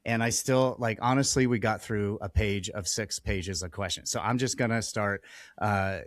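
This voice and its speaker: A man's voice: on the low side, normal speed, no echo. A man hosting a podcast interview over a remote call, talking casually, often restarting his sentences and letting them trail off. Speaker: podcast host.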